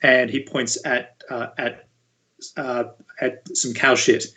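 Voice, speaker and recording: A man speaking as an interview guest, a university VFX lead explaining things in a relaxed, conversational way. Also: mid-range voice, takes it slowly, poor audio. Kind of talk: casual interview chat.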